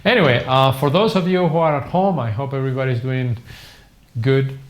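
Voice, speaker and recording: A man's voice: mid-range voice, brisk, reverberant. A man teaching a live online English lesson from a language academy, chatty and repeating words for students to drill. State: a little tired.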